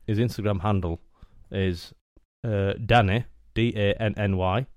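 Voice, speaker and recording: A man's voice: fairly low pitch, steady tone, unhurried, dry recording. A man co-hosting a podcast in casual chat, joking, rambling and poking fun at himself. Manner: joking, rambling, self-mocking. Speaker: podcast co-host. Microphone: wearing headphones at a podcast mic.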